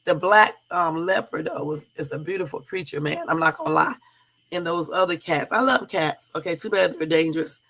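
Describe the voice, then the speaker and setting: A woman's voice: sits low, moderate pace, creaky, a bit bright. A woman hosting her own livestream, talking casually and chattily to her viewers and laughing easily. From Southern California. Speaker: livestream host.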